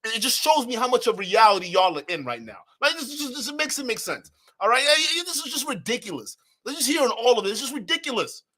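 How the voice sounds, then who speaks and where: Bright, high-voiced man mocking a clip. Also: big pitch swings, quick pace. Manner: mocking, exclaiming, swearing, talking to chat. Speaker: reaction video host. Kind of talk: casual reaction commentary.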